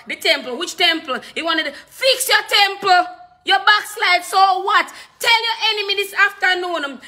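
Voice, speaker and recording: A woman's voice: high-pitched, bright, forceful tone. A woman with a Jamaican accent preaching an impassioned sermon, hammering home repeated phrases and moving between patois and standard English.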